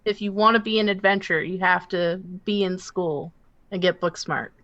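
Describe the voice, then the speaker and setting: A woman's voice: on the low side, normal speed, fairly bright tone, no room sound, highs cut off. A woman playing in a tabletop game, chatty and laughing, with many fillers. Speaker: player. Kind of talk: casual tabletop play.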